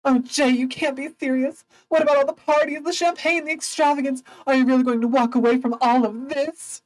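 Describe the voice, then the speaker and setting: An AI voice as a spoiled young socialite. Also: female voice, high-pitched, fairly even intonation, brisk, darkish tone, close to an everyday voice, rough recording. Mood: petulant. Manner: dramatic and petulant.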